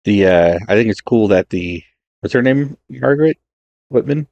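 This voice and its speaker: Deep gravelly young man, hesitant. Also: lively intonation, moderate pace, dark tone, no echo, dull audio. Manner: hesitant, many ums and restarts. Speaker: podcast co-host. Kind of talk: casual film podcast chat.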